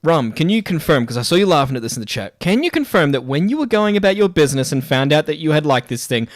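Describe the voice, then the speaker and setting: A man's voice: fairly high pitch, sing-song, fast talker, no room sound, clean studio sound. Crude, laughing male stream host. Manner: crude, swearing, laughing often. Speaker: podcast host. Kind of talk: casual chat.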